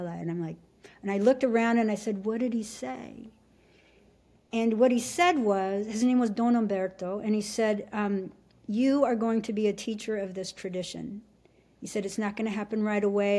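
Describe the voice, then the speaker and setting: A middle-aged woman from Alaska, a podcast guest telling her story in a casual, halting way with many restarts. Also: medium pitch, darkish tone. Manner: halting, full of restarts and fillers. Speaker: podcast guest, shamanic teacher.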